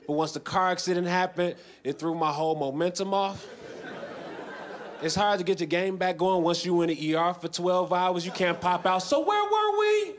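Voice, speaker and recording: Dry deadpan man on a comedy stage. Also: high-pitched, moderate pace. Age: 20s. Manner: deadpan, dry delivery that jumps into loud shouted character voices. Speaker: stand-up comedian. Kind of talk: stand-up comedy set. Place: large festival stage with a laughing audience.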